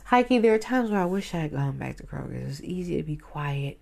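Woman, thirties, casual rant, profane, loud bursts and muttered asides. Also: deep voice, fairly quick, vocal fry. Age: 30s. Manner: profane, animated, swings between loud outbursts and muttered whispers.

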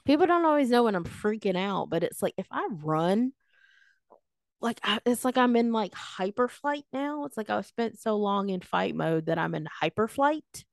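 A young woman co-hosting a podcast, talking casually in a rambling, animated way and acting out what people said. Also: medium pitch, normal speed, creaky, no echo, studio quality. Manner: rambling, animated, acts out quoted voices. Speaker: podcast co-host. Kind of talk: casual chat.

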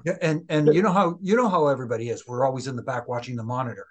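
A man from Toronto, co-hosting a podcast and telling relaxed anecdotes with easy laughter. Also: mid-range voice, racing. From Toronto, Canada. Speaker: retired referee, podcast co-host. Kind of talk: casual chat.

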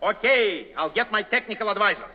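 A man's voice: sits high, a little fast. A man with a Russian accent, playing a blunt, bossy film director in a 1930s radio comedy who mangles his words. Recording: muffled old radio broadcast with long reverb.

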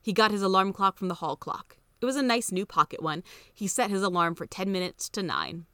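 A woman's voice: mid-range voice, a little fast, no room sound. Woman reading a storybook, close dry sound. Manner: steady, even storytelling. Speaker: podcast reader. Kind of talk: scripted storybook narration.

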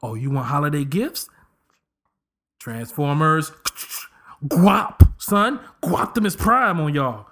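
A man's voice: on the high side, slow pace, long pauses. A man in his thirties hosting a podcast, giving a comedic casual monologue and slipping into voices as he jokes. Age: 30s. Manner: animated, joking, slips into voices. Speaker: podcast host.

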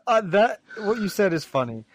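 A man's voice: high voice, sing-song, moderate pace, no room sound. A man hosting a podcast, chatting in a rambling, easygoing way and laughing often. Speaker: podcast host. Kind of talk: casual chat.

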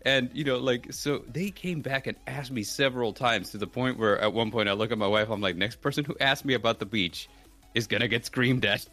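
A man's voice: fairly quick, soft background music. A man on a casual chat stream, telling a story and acting out the people in it. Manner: animated, acts out quoted people with sudden high pitch jumps. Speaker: stream guest.

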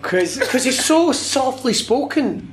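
A man's voice: very high-pitched, expressive, slow pace, poor audio. A man who works as a wrestling commentator, chatting casually and rambling, often swearing and laughing. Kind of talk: casual podcast interview.

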